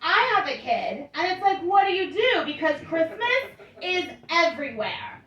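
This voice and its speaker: A woman's voice: very high voice, very animated, normal speed, a bit bright, dull audio. A woman in her thirties performing a stand-up comedy set with wry, self-deprecating storytelling. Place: comedy club stage before a laughing crowd. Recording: echoey club recording from a distance, crowd laughter.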